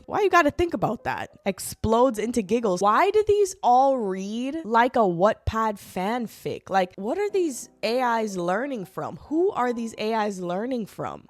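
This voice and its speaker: A young woman in her twenties with a hoarse voice, chatting sarcastically and swearing in a giggly comedic vlog. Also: mid-range voice, big pitch swings, normal speed, hardly any pauses. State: hoarse from raving. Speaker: vlogger. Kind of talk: casual comedic vlog commentary. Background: soft background music.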